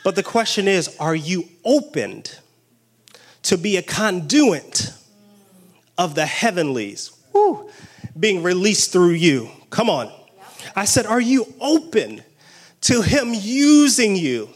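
A man preaching a sermon with excited exclamations and call-and-response energy. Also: sits high, takes it slowly.

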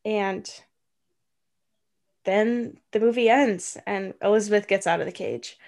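A woman casually retelling a film plot, tossing in quick offhand voices for the characters. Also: medium pitch, a little mellow. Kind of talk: casual chat.

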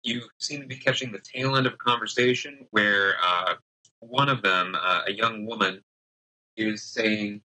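Bright-voiced male game master. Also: on the low side, low-quality recording. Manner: halting, many fillers. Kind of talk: narrating a tabletop game.

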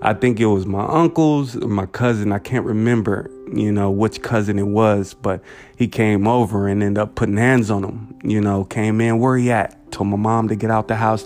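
A man telling a painful childhood memory in a halting way, full of fillers and "you know". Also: fairly low pitch, darkish tone. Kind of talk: personal storytelling.

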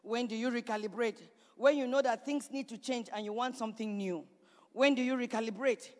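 A woman pastor preaching a sermon in a church, building to shouts and repeating her points. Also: a little high, a little fast. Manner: preaching with rising shouts and repetition. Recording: reverberant church hall.

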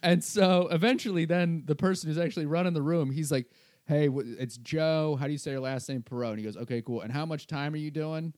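A man's voice: a little high, brisk, no echo, studio quality. A man, a stand-up comedian, telling a story in casual podcast talk and acting out what other people said. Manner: animated, acts out the other people's lines. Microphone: podcast microphone.

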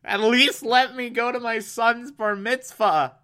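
A frantic middle-aged scientist, put on by a man retelling a scene, pleading hard for his freedom in a raised, bright voice. He keeps his pace unhurried. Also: very high voice, steady tone, voice pushed up, heavily acted. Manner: pleading, breaking into accusation. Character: desperate middle-aged male captive scientist begging.

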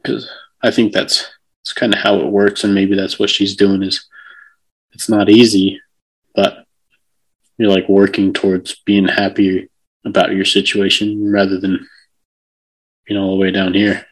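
A man's voice: low-pitched, completely flat delivery, a little slow, long pauses, slightly rough, poor audio. A man co-hosting a podcast, reflectively explaining an idea step by step. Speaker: podcast co-host. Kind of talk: casual conversation.

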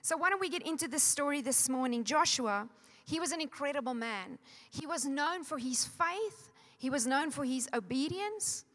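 A South African woman preaching a lively sermon, her voice pitched high. She rouses the congregation to chant along, and a long reverb trails her words through the church hall. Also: moderate pace.

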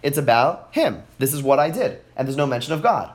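A man's voice: mid-range voice, very animated, fairly quick. A man teaching a class, reading verses aloud and translating them, often praising his students' answers. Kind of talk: classroom text study.

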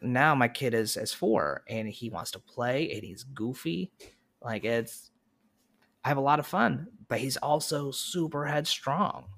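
A man guesting on a casual podcast, telling playful, animated stories. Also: mid-range voice.

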